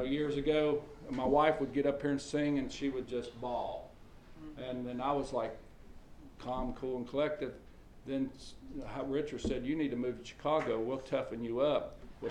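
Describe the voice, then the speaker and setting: A man's voice: medium pitch, darkish tone, a little hiss or hum. A middle-aged man preaching a sermon in a folksy storytelling way, with lots of fillers and restarts, in a church hall. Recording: echoey church hall with faint ambience.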